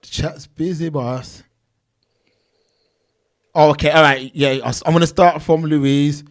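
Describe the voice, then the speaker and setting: Stream host, man, slightly high voice, reads chat aloud in loose slang. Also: steady tone, measured pace. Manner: reads out viewer names and comments, street slang. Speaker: livestream host reading chat. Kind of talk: casual livestream chat.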